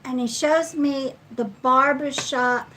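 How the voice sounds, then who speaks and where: Psychic lady doing a live card reading, slow and chatty, a bit high, faint hiss behind. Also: fairly even intonation. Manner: slow, chatty, counts cards aloud softly. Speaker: psychic reader.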